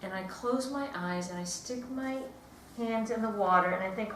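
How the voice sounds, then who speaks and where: A woman giving a dramatic storytelling speech at a speaking club, swinging between hushed whispers and loud outbursts. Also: mid-range voice, normal speed. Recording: very echoey room, distant mic, faint noise.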